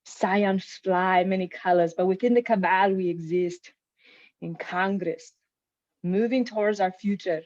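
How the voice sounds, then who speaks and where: A woman's voice: mid-range voice, fairly even intonation, a little slow, a little mellow, no room sound, dull audio, natural voice. A woman voicing a proud alien scion warrior with a put-on Italian accent, reading game lore aloud in a playful, declaiming way.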